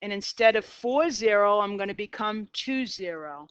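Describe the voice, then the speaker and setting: A woman's voice: mid-range voice, expressive, normal speed, clean tone, no echo. A middle-aged woman with a Boston accent teaching a math class, talking herself through graph sketches in an upbeat way. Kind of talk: classroom lecture. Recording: dull lo-fi, dry.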